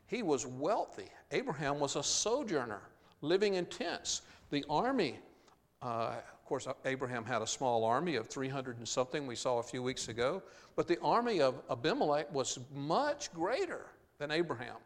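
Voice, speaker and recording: A man's voice: fairly high pitch, very animated, moderate pace, long reverb tail. A man preaching a sermon, reading scripture aloud and then explaining it plainly with the odd uh. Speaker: pastor.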